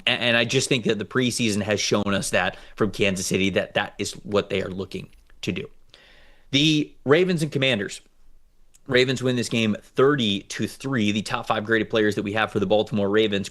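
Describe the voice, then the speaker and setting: A man co-hosting a football show, reading out player grades and stats in a casual, animated way. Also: fairly low pitch. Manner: reads out stats, animated and joking. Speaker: co-host, football analyst. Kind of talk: casual sports analysis chat.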